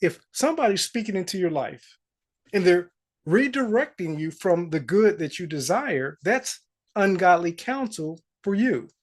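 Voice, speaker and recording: Coach guy doing a slow, deliberate spiritual talk, quotes scripture, pauses a lot. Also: high-pitched, very animated. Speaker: manifestation coach.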